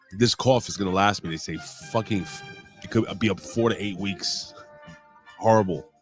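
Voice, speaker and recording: A hoarse man hosting a casual wrestling review show, rambling, joking and swearing freely. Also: on the low side, normal speed, soft background music. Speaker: podcast host.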